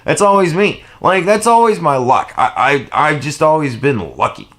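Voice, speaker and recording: A man in his late thirties tells a crude story, dropping into low mutters, then climbing into loud laughing bursts. His voice sits fairly high for a man. It is a loose, rambling vlog delivery, full of swearing. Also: very animated, normal speed. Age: 30s. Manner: profane, laughing, swings from low mumbles to loud outbursts. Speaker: vlogger.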